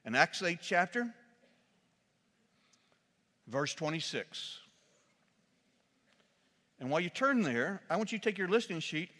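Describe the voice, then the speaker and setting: A man, a pastor, preaching a sermon in a church, telling a humorous story with lively, shouted quotes. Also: high-pitched, measured pace, long pauses, big-room sound.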